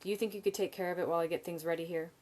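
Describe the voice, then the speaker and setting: A calm, measured innkeeper, middle-aged and steady, as a woman reads him aloud. He speaks quietly and seriously in a low voice, unhurried and plain. It sounds like a storybook read aloud. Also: natural voice. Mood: earnest.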